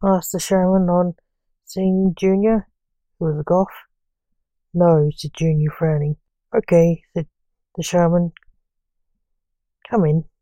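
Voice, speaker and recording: A woman reading a story aloud in an even, unhurried way, with little change of voice between characters. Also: on the low side, no room sound. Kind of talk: read-aloud story narration.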